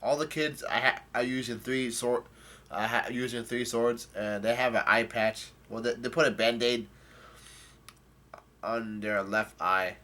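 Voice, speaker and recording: A man's voice: mid-range voice, fairly even intonation, measured pace, sharp tone. A man giving a loose, rambling recap of a comic chapter, stumbling over his words and restarting as he goes. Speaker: manga chapter reviewer. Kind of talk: casual chapter recap, reading lines aloud.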